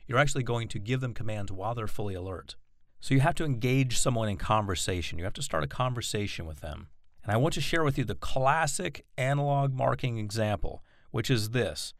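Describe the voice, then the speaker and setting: A man's voice: medium pitch, expressive, vocal fry, no room sound. Dry-voiced man teaching a self-help lesson. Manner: measured, explanatory, stresses key words. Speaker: self-help course instructor. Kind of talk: recorded audio lesson.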